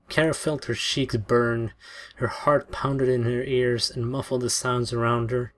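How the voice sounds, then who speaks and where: A man reading a story aloud in a steady, expressive way. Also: medium pitch, measured pace. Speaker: narrator. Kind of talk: audiobook reading. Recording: soft background music.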